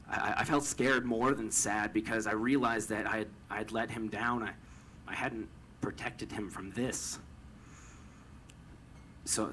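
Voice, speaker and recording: A young man from Canada telling a personal story, stammering over repeated words and swinging from hushed to loud with emotion. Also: mid-range voice, a little hiss or hum, rough recording.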